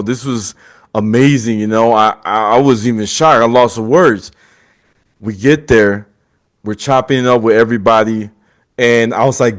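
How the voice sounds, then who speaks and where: A young man hosting a podcast, telling a story casually, acting out quotes and often laughing. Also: medium pitch. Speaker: podcast host.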